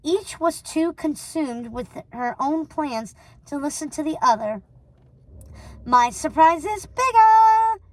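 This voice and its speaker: A woman narrating a storybook read-aloud in an expressive, animated way. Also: high voice, no echo, low-quality recording. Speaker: storybook reader.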